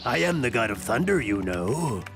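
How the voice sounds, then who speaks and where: A joking mercenary posing as a hero. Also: male voice, medium pitch, big pitch swings, normal speed, creaky, fairly bright tone, soft background music. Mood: mock heroic. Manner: jokey, overblown heroic posing. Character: wisecracking male mercenary posing as heroes. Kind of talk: video game voice acting.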